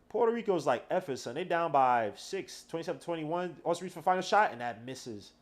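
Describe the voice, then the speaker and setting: A man hosting a casual game watch-along podcast, talking loosely with slang and trash talk. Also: mid-range voice. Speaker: podcast host.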